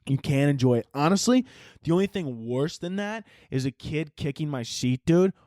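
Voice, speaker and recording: A man's voice: fairly high pitch, expressive, moderate pace, a little mellow, no room sound, clean studio sound. A young man hosting his own podcast, ranting casually with lots of swearing and laughing at his own jokes. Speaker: podcast host. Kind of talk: casual solo rant.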